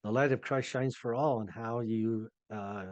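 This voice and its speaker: A man's voice: medium pitch, steady tone, a little slow, darkish tone, no room sound, lo-fi sound. Enthusiastic man co-hosting, dry sound. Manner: enthusiastic, jokey interjections. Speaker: co-host. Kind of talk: casual chat.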